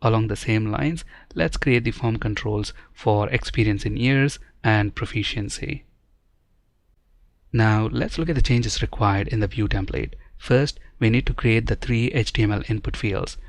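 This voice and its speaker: A man's voice: fairly low pitch, moderate pace, gravelly, dry recording. A man explaining programming step by step in a screen-recorded coding tutorial, in a methodical teaching manner. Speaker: programming instructor.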